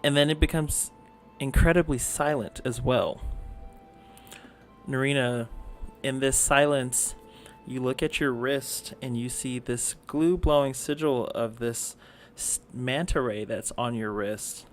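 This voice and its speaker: A male game master describes a fantasy scene in a loose, conversational way, filling his lines with hedging words. His voice sits at a medium pitch. Faint music plays underneath. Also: takes it slowly. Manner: casual, filler-heavy narration. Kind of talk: narrating a tabletop game.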